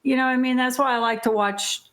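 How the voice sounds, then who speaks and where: A woman's voice: high voice, steady tone, fast, a bit bright. A woman co-hosting a casual podcast chat, talking hesitantly with many fillers and restarts. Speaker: podcast co-host.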